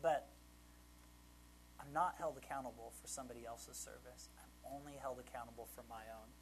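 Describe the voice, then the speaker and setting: A man's voice: mid-range voice, steady tone, fairly quick, slight background noise, poor audio. A man preaching a sermon in an informal, conversational way, often checking in with his listeners. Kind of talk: conversational Bible teaching.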